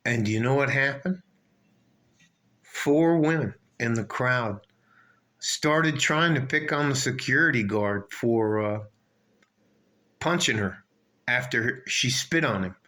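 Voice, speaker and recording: An older man tells a long, digressive story, swearing freely and losing his thread. He talks slowly and deliberately. His voice has a bright, tense edge. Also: medium pitch. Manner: profane, rambling, digressive. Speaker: vlogger. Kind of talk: rambling storytelling rant.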